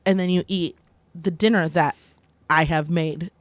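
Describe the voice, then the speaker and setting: A woman co-hosting a podcast in casual chat, expressive and quick to laugh. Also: lowish voice, dry recording. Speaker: podcast co-host.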